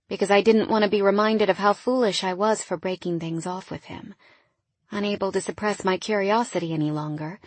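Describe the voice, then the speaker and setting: A woman narrating a first-person romance audiobook in an intimate, wistful way that often drops quiet. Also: mid-range voice, dry recording.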